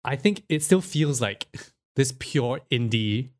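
Man, podcast host, casual film chat, laughs a lot, middle pitch. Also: slow pace. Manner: laughs often, filler-heavy, animated.

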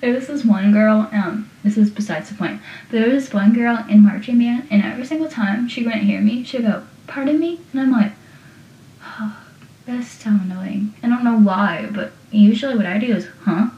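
A woman's voice: fairly high pitch, moderate pace, warm tone, recorded from a distance. A young woman chats her way through a TV episode recap, wandering off into side stories. Her voice comes from some way off the mic. The sound is dull and roomy. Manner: chatty, rambling asides. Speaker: show recapper.

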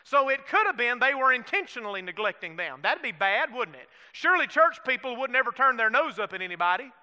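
A man's voice: very high-pitched, big pitch swings, fast, sharp tone. A man with a Southern US accent preaching a sermon in a folksy way, calling for amens and asking the congregation questions. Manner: folksy, calls for amens, asks the room questions. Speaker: pastor. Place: church sanctuary. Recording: long hall reverb.

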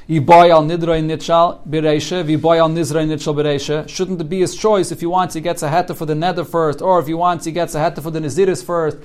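A man teaching a Talmud class in English with Yeshivish terms, translating the Aramaic text line by line and explaining it as he goes. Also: fairly high pitch. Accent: English with Yeshivish Hebrew and Aramaic terms. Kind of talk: daily Talmud study class.

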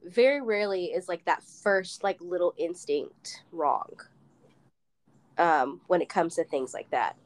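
A woman's voice: fairly low pitch, unhurried. A woman chatting casually, laughing often and filling her talk with "like". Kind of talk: casual chat.

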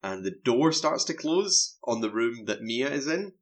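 A man's voice: mid-range voice, measured pace. Man recapping a horror film. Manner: animated storytelling, recaps scenes. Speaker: film podcast co-host. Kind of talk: casual film review chat.

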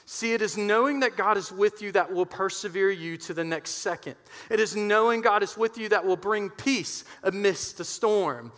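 A man's voice: high voice, moderate pace, few pauses, a bit bright, long reverb tail. A man preaching a sermon to his church, emphatic and getting fired up, often checking in with "right?". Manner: gets fired up.

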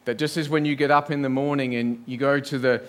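A man's voice: medium pitch, fairly even intonation, brisk, a bit bright. A male pastor delivering a sermon inside a church building. His mid-range voice stays earnest as he builds lists of contrasts and puts questions straight to the congregation.

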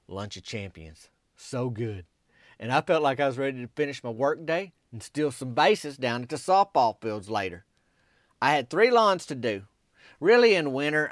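A young man spins a long, rambling small-town tale in a drawling, folksy manner with a middle-pitched voice. The sound is dry and close, with no room echo. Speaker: comic character monologuist. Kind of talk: comedic character monologue.

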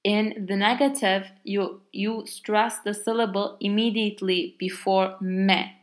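Slow-talking Turkish-accented woman teacher. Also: medium pitch, steady tone. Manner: explains slowly with many fillers, exaggerates stress on example words. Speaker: language teacher. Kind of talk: casual language lesson.

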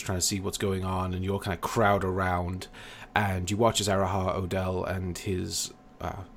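Deep, gravelly game master. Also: male voice, a little hiss or hum. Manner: relaxed, filler-heavy narration. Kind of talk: narrating a tabletop game.

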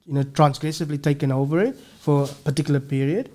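Brief: academic man, slightly high voice, earnest explainer, lots of restarts. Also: steady tone, fast talker, dark tone. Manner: earnest, explanatory, with frequent restarts and repeated words. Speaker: linguistics professor, podcast guest. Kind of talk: casual interview talk.

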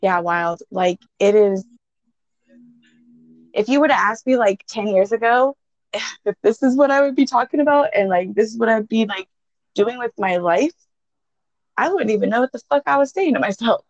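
A woman's voice: fairly high pitch, normal speed, pauses often, no room sound. A woman in her thirties, a podcast co-host, telling a story in casual chat, full of swearing and laughter. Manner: profane, laughing, animated storyteller. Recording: dull, dry lo-fi sound.

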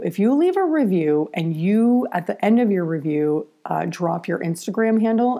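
A woman's voice: fairly low pitch, dark tone. A woman hosting a podcast in casual chat, blunt and candid, cursing freely and talking loosely with plenty of fillers. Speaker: podcast host.

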